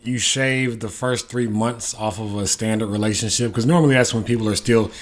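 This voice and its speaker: A man hosting a casual podcast chat, relaxed and joking as he works toward his point. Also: fairly low pitch, fairly quick. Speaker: podcast host.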